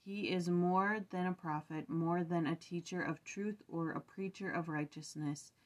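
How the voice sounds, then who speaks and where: Young woman, tired, lower voice, casual scripture reading, fillers and restarts. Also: fairly even intonation, a little slow. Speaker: scripture study vlogger. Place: home room.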